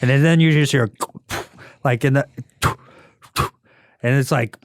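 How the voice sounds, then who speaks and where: A man's voice: medium pitch, a little slow, smooth, no room sound, clean studio sound. A man in casual podcast chat, telling a long story and filling it with "like" and restarts. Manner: rambling storyteller, heavy use of "like".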